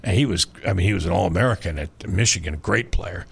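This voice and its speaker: A man in his sixties, a sports talk radio host, telling a story with lively energy and frequent laughter in a studio. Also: deep voice, quick pace, creaky, breathy edge.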